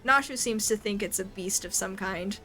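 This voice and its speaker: A woman's voice: mid-range voice, normal speed, pushed and bright. A woman streamer making casual, chatty asides and giggling while playing a game. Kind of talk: casual live-stream commentary.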